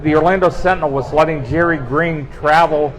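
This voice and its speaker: A man telling animated, funny anecdotes in a casual chat, acting out quoted dialogue. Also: on the high side, fairly quick, low-quality recording. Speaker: guest storyteller on team talk show. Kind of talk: casual storytelling.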